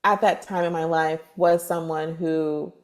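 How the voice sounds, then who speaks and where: A woman from Texas, a spiritual advisor guest, telling her story in a chatty, lively podcast interview with lots of fillers. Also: low-pitched, a little slow. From Texas, USA.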